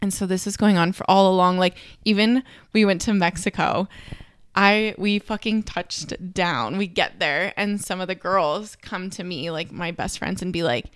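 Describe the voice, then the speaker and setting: Candid, smooth-voiced young woman storyteller. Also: lowish voice, moderate pace, dry recording, clean studio sound. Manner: candid storyteller who swears freely and leans heavily on "like". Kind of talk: casual chat.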